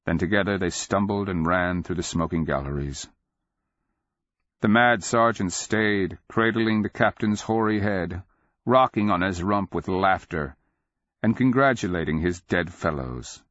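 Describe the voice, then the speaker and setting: A man narrating a dark fantasy audiobook in a measured, deliberate, dramatic way. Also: deep voice, no room sound. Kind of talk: scripted literary narration. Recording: slightly muffled dry recording.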